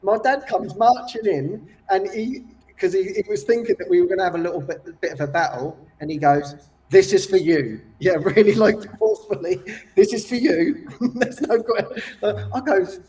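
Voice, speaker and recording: High-voiced man telling a story. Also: normal speed. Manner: animated, laughs often, acts out quotes. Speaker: guest. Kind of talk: storytelling in casual chat. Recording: distant from the mic.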